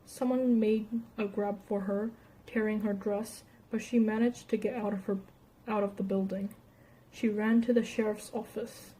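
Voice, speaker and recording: A woman reading a novel aloud in an even voice, with light voices for the characters. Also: mid-range voice, normal speed, rough recording. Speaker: audiobook reader.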